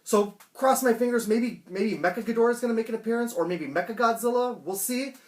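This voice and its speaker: A man chatting excitedly and swearing casually through a home unboxing vlog. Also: extremely high pitch, fairly quick. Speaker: toy collector vlogger. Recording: roomy echo, faint background music.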